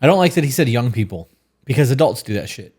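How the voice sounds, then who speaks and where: A man who talks fast and bluntly on a casual podcast. He uses plenty of swear words and chimes in with strong opinions. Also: medium pitch, sing-song, a little mellow, slightly rough. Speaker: podcast co-host.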